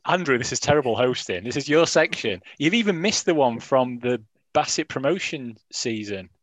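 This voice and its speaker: A man's voice: medium pitch, animated, moderate pace, a bit bright, no room sound. A man, teasing his friends with wry banter on a casual football fan podcast. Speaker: podcast co-host.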